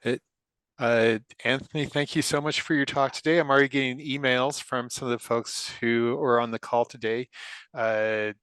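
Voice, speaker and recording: A man moderating the question session of an online talk, halting and repeating words as he thanks the speaker. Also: mid-range voice, steady tone, fairly bright tone, clear, resonant tone, no echo. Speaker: event moderator. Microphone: video call.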